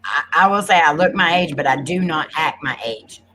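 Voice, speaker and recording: A woman's voice: low-pitched, expressive, moderate pace, sharp tone, slight background noise. A woman in her forties with a Texan accent, co-hosting a casual paranormal chat and teasing the others with frequent laughter. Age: 40s. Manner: laughs often, teasing banter. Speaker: paranormal show co-host.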